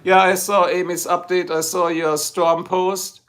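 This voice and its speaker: A man's voice: high voice, level tone, unhurried, a bit bright. A middle-aged man from Germany whose first language is German, speaking English with a German accent as he hosts a rambling, casual livestream chat. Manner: rambling, talks straight to the chat. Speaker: livestream host.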